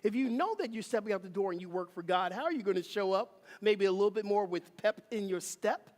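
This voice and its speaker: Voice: medium pitch, a little fast, a little mellow, long reverb tail. A minister preaching a sermon, emphatic and rhythmic, leading the congregation in call and response. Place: church sanctuary.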